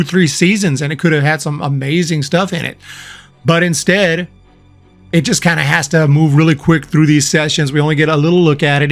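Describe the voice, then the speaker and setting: Chatty man reviewing a movie. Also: high-pitched. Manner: chatty, frank, many fillers and restarts. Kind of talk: casual spoken film review.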